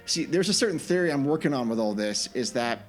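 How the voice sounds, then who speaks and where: A man co-hosting a podcast in casual chat, animated, often restarting his sentences. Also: mid-range voice, fast, soft background music. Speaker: podcast co-host.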